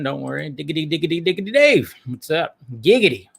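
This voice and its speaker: A man's voice: fairly high pitch, big pitch swings, normal speed, gravelly, fairly bright tone. A man hosting a casual live stream, greeting viewers in the chat by name and rambling in upbeat asides. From California. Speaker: livestream host.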